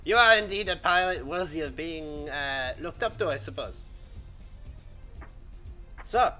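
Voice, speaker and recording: A man's voice: fairly high pitch, animated, a little slow, bright, forceful tone, soft background music, exaggerated voice. A man playing a haughty, courtly pirate. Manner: condescending, formal. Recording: slightly muffled stream audio.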